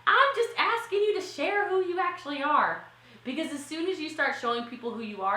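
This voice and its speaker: A woman from rural Maryland giving a chatty, animated motivational talk as a network marketing coach, laughing and saying "like" and "okay" a lot, a little teary. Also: sits high, brisk, echoey room, low-quality recording. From Frederick County, Maryland. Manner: animated, laughing, swings from loud to soft. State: teary, eye watering. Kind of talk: casual motivational talk to camera.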